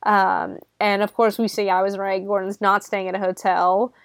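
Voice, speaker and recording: A woman's voice: medium pitch, flat delivery, normal speed, gravelly, no echo, clean studio sound. Chatty woman recapping a film. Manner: chatty, many "like" fillers, swears freely. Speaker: film reviewer. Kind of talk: casual movie recap.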